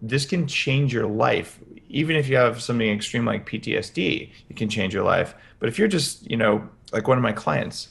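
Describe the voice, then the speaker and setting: A man as a podcast guest, explaining practical health advice in an energetic interview. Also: medium pitch, moderate pace, creaky, hardly any pauses. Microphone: headphones with podcast mic.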